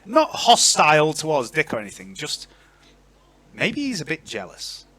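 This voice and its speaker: Guy running a tabletop game, chatty, lively pitch, bright sound. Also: normal speed, husky, no room sound. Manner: animated, chatty, with fillers. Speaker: game master.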